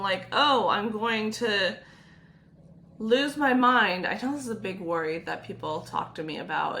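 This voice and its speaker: A young adult woman, a nurse, giving gentle, reassuring sleep advice and speaking openly about her own past struggles. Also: medium pitch, slight background noise. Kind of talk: personal advice talk to camera.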